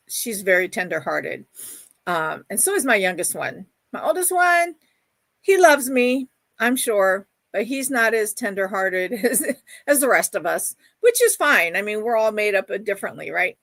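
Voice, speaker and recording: A woman's voice: mid-range voice, fairly bright tone, no room sound. Chatty, gushing middle-aged woman. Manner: chatty, reads viewer comments aloud; affectionate and gushing. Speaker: livestream host. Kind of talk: casual livestream chat.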